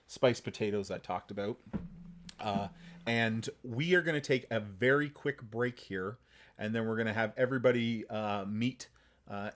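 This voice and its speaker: A man narrating a tabletop game as game master, halting and full of fillers. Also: mid-range voice, fairly bright tone.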